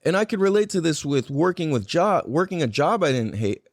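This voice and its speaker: A man's voice: fairly high pitch, big pitch swings, fairly quick, no room sound, studio quality. A man hosting a podcast in casual chat, rambling and swearing a lot, with plenty of "like" fillers. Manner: rambling and heavily profane, full of "like" fillers. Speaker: podcast host.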